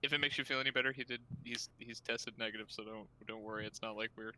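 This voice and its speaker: A man in a mid-range voice with a bright tone, chatting as a podcast guest. He hesitates often, filling pauses with uhs and ums. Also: medium pitch, fairly even intonation, poor audio. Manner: hesitant, many fillers. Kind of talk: casual chat.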